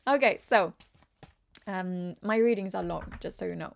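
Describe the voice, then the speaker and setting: A woman's voice: medium pitch, expressive, normal speed, vocal fry. A chatty woman from Norway with a Norwegian accent, giving a casual live-stream tarot reading and often laughing while she answers chat comments. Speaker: tarot reader.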